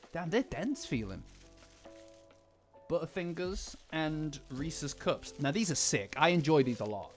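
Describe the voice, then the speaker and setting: A man chatting casually on a live stream, excitable and quick to swear, with loud gasps and exclamations. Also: on the high side. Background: faint background music.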